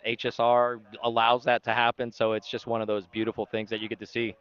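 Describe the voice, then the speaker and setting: Smooth-voiced young man at the track. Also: mid-range voice, monotone, fairly quick, lo-fi sound. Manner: easygoing, with fillers. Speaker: event attendee. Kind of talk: casual interview answers. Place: outdoors at a racetrack campsite.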